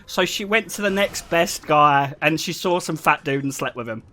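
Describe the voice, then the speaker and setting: A young man spins casual stories for his chat in a high, bouncy voice that leaps up and down. He laughs often and pokes fun at himself as he goes. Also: normal speed, a little hiss or hum. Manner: animated, laughs often, self-deprecating. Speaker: streamer. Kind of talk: casual storytelling to a live chat.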